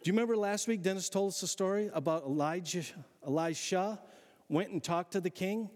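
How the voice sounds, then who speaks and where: A man preaching a sermon as pastor, telling stories in an animated, folksy, humorous way. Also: sits high, fairly quick, big-room sound.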